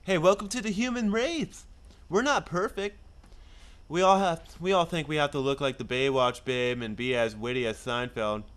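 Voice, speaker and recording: A man's voice: a little high, moderate pace, a bit bright, clean tone. Man reading a script aloud. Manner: reads lines plainly, chatty asides. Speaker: script reader. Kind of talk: casual script read-through.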